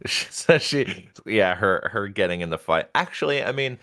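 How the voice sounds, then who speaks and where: A man with an extremely low voice talks through a book chapter on a livestream. He keeps it loose and chatty, with the odd casual swear. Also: big pitch swings, a little slow, a bit bright, smooth. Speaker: podcast co-host.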